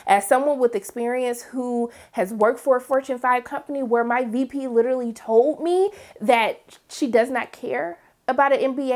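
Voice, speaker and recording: A woman's voice: fairly high pitch, darkish tone. A woman giving a casual, opinionated recap of a TV episode, talking straight to her viewers and breaking into acted quotes of the characters. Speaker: TV recap reviewer.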